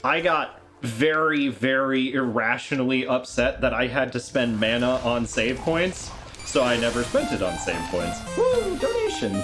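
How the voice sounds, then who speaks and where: A man with a mid-pitched voice that swings widely as he banters, animated and self-deprecating about his gaming habits. Faint game music plays behind him. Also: unhurried. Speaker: co-commentator on a charity game stream. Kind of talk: casual banter.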